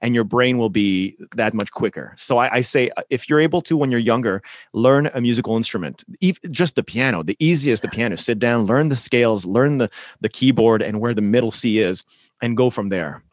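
A man's voice: medium pitch, animated, brisk, dry recording, studio quality. A man in his thirties, a stage performer, talking animatedly as an interview guest with hesitant fillers. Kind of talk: casual interview.

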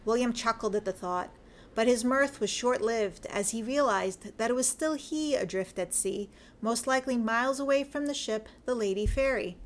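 A woman narrating a fan fiction story in an even, measured reading voice. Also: fairly high pitch.

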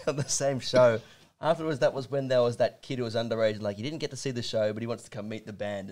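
Rambling band member. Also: male voice, medium pitch, darkish tone. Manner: rambling, halting, many fillers. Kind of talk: casual storytelling.

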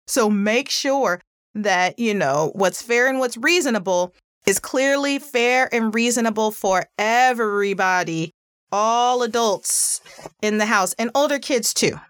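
A woman with a somewhat high, pitchy voice talks through parenting tips in a casual, earnest way. She leans on emphasis and fillers. The sound is dry and close, with no room around it. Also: expressive, unhurried, a bit bright, dry recording. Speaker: parenting podcast host. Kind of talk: casual advice talk.

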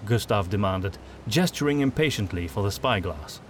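A man narrating an audiobook in a steady, lively reading style. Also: fairly low pitch, normal speed, hardly any pauses, slight background noise.

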